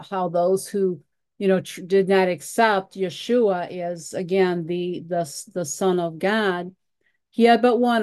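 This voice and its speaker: Woman teacher reading and explaining scripture, mid pitch, unhurried and halting, dry recording. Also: darkish tone, no echo. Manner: reads scripture aloud, pausing often with fillers and repeated "again". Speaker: Bible study teacher. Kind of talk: Bible study teaching.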